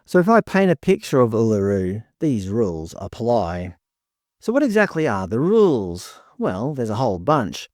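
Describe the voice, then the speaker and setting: A man's voice: mid-range voice, a little mellow, no room sound, studio quality. A man delivering scripted commentary in a sarcastic, indignant way. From Australia. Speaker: commentary vlogger.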